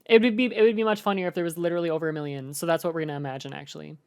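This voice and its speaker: A woman's voice: deep voice, steady tone, rapid-fire, darkish tone, clean tone, faint music behind. A young adult woman streaming, giving rambling, chatty reaction commentary with many fillers.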